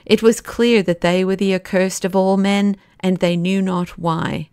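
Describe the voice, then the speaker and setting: A woman narrating a classic novel as an audiobook, in a measured delivery that slows down for the dramatic passages. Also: medium pitch, fairly even intonation, a little mellow, clear, resonant tone, no echo, studio quality.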